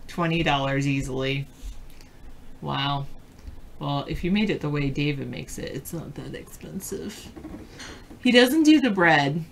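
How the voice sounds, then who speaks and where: A chatty woman co-hosting a live stream, her voice sitting a little low. She talks casually with viewers about everyday things and reads trivia questions aloud. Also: a bit bright, a little hiss or hum. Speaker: co-host and trivia reader.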